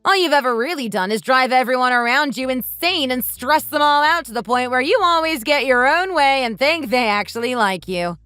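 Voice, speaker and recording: A woman's voice: high voice, expressive, moderate pace, hardly any pauses, bright, forceful tone, clean tone, no echo, soft background music. A woman voicing a defiant young daughter-in-law in a texting story, firing back sarcastic, cutting comebacks.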